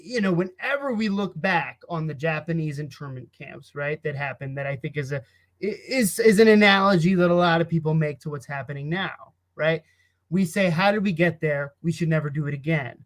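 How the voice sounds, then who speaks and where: A man's voice: on the high side, a little fast. A man co-hosting a casual political chat, thoughtful and hesitant, with many fillers. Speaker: co-host.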